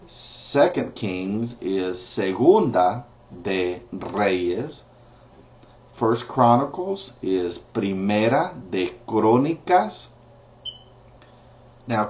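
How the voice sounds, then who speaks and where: A man gives a language lesson at a very slow, deliberate pace, carefully sounding out each word. His voice sits fairly low, and he slips into relaxed, casual asides. The recording is dull and lo-fi. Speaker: Spanish teacher.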